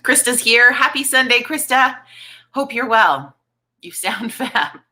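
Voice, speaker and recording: A woman in her forties hosting a live online coffee chat, chatty and upbeat, greeting viewers and chatting with a croaky morning voice. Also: fairly high pitch, animated, a little slow, bright, forceful tone. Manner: chatty, upbeat, reads viewer comments aloud. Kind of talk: casual live-stream chat.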